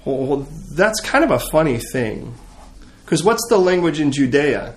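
A man's voice: on the high side, measured pace, slight background noise. A man preaching a sermon. He tells stories with humor and acts out the scenes as he goes. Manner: animated, humorous storytelling, acting out scenes.

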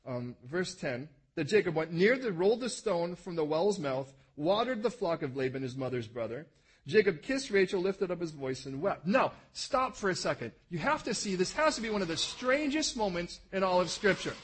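A middle-aged man preaches a sermon, telling the story with lively, acted-out scenes. His voice is husky and sits fairly high for a man. The delivery shifts between plain, conversational teaching and bursts of animated storytelling. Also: normal speed, poor audio. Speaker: pastor.

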